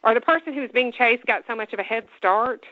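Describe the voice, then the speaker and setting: A woman from Alabama with a Southern accent, co-hosting a casual chat, talkative and quick to laugh. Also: a little high, dry recording, phone-quality sound. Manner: chatty, laughs often, opinionated. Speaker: co-host.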